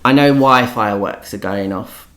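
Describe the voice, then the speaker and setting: A young man with a Cockney accent, co-hosting a podcast in casual chat, talking fast with lots of fillers and restarts. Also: fairly low pitch, a bit bright. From England. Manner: chatty, ranting, lots of likes and restarts. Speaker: podcast co-host.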